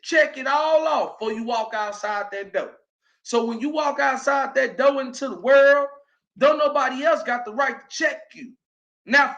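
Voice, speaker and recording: A Southern American man delivers a motivational monologue as host of his show. His voice sits very high and rings bright and forceful. He talks in a preachy, emphatic way, rising into shouts. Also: dull audio.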